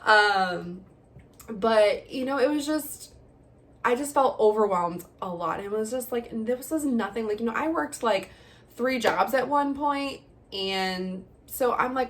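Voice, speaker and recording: A woman's voice: a little high, animated, a little slow. Chatty woman vlogger. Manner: candid and chatty, with frequent laughs and fillers. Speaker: vlogger, mother. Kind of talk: casual personal vlog talk.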